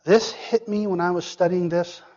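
A man preaching a sermon, asking the congregation questions and dropping to a hushed whisper for emphasis. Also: sits high, fairly even intonation, normal speed, big-room sound, dull audio. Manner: dramatic, drops to a hushed whisper for emphasis, asks the audience questions.

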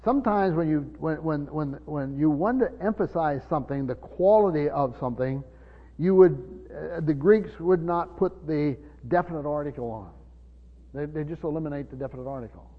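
A man's voice: fairly high pitch, normal speed. A man preaching a Bible-teaching sermon, stumbling over repeated words and asking the congregation questions. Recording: dull hall recording with reverb.

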